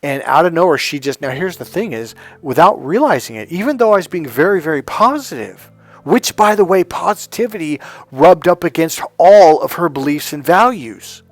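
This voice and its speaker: A man coaching in a motivational talk, emphatic and animated as he tells personal stories. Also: a little high, dry recording. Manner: emphatic and animated, often acting out other people's lines. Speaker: life and dating coach.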